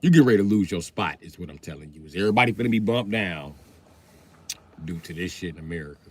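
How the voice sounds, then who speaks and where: A man's voice: deep voice, animated, fast talker, breathy edge. A man hosting a livestream, ranting crudely and loosely in a comedic way. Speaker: livestream host. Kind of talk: profane comedic rant.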